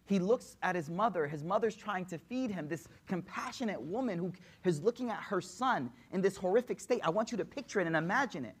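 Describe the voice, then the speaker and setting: A male preacher recounting a story in a sermon, his fairly high voice climbing and growing louder at the dramatic peaks. Then he drops to a soft, tender hush at the sad moments. The delivery is emotive and vivid throughout. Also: lively intonation, fairly quick, few pauses, husky. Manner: emotive, swings between impassioned and hushed.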